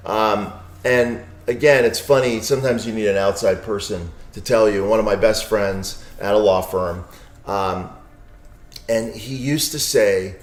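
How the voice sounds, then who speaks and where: A middle-aged man talks as a podcast guest, spinning anecdotes in a loose, conversational way with lots of little asides. His voice sits somewhat low, and the recording carries a noticeable roomy echo. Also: steady tone, measured pace. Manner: storytelling with many "you know" and "right?" asides. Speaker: podcast guest, author and lawyer. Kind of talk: casual interview conversation.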